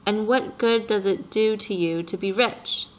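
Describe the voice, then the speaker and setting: A woman's voice: mid-range voice, unhurried, lightly acted, low-quality recording. A woman voicing an earnest, curious young boy who keeps asking questions, in an audiobook reading.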